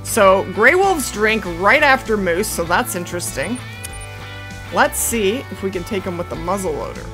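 A woman giving game commentary for her channel, explaining things calmly and then squealing and laughing when the action heats up. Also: mid-range voice, normal speed, over music. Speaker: gaming YouTuber.

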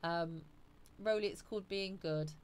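A woman's voice: mid-range voice, unhurried, clear, resonant tone. A woman hosting a live stream, chatting casually and reading viewer comments aloud.

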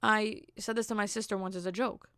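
Speaking a little fast with a medium pitch, a young woman hosts her solo podcast, recorded with clean studio sound and no room sound. She tells a dating story bluntly, animatedly acting out the quotes.

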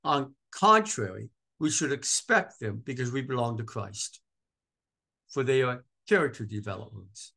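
A pastor from Maine preaching a sermon in a church, swinging from loud emphatic calls to hushed, tender passages and repeating phrases for emphasis. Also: male voice, medium pitch, expressive, unhurried, creaky.

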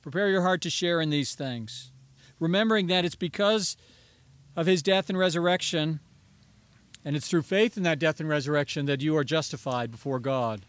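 A man's voice: a little high, normal speed, dry recording. A man preaching a sermon as pastor, earnest and rising to emphatic pleading on key phrases.

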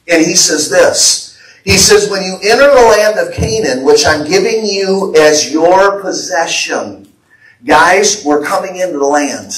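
Heard at a distance in an echoey church hall, an American man preaches fervently as pastor of the sanctuary, relaying prophetic words in a high-pitched, fairly bright voice.

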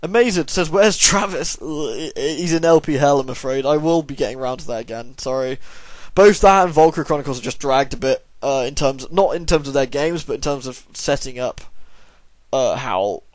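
A man's voice: medium pitch, a little fast, darkish tone, no echo. A tired young man casually reading out and answering viewer questions, rambling with dry, self-deprecating humour. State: tired, yawning. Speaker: YouTube gaming channel host.

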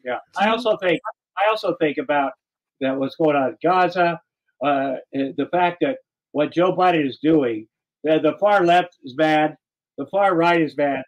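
A man's voice: on the high side, a little slow, highs cut off. A man hosting a political talk show, chatting in an earnest, rambling way with frequent restarts. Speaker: host.

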